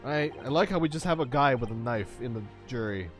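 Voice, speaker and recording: Man reading a game on stream, animated. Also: mid-range voice, brisk, faint music behind. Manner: casual, self-deprecating asides. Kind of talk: live game reading with commentary.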